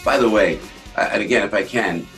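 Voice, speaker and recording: Animated older man with a New Jersey accent. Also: a little fast, music in the background. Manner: lively, acts out other people's lines with big pitch jumps. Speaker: guest. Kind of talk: animated storytelling.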